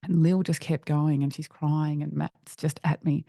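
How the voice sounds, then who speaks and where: A middle-aged woman, a podcast guest, telling a personal story in an earnest, halting way with frequent restarts. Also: low-pitched, level tone, creaky, dark tone, no echo, studio quality.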